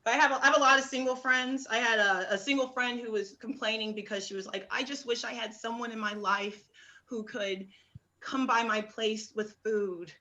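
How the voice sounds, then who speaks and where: A young woman from Oklahoma working a stand-up set on a club stage. Her voice sits a little high and rings bright and clear. She talks in halting bursts, with restarts and small fillers before each dry punchline. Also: fairly even intonation, slight background noise. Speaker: stand-up comedian. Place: comedy club stage with audience.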